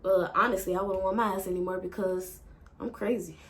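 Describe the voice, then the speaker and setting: A woman's voice: mid-range voice, fairly even intonation, brisk, fairly bright tone. A woman vlogger, telling a breakup story in a rambling, emotional way and swearing a lot. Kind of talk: casual storytime.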